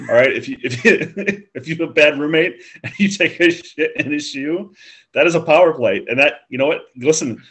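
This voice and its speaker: A man's voice: a little high, fairly quick, fairly bright tone, breathy edge. A man in a casual podcast chat, joking and teasing his friend, laughing while he talks.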